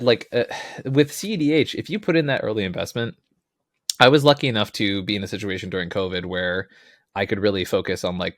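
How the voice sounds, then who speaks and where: Man, low voice, dry close sound, rambling podcast guest, laughs a lot. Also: no echo. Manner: rambling, laughs often, self-deprecating. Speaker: podcast guest, tournament player. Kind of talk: casual podcast chat.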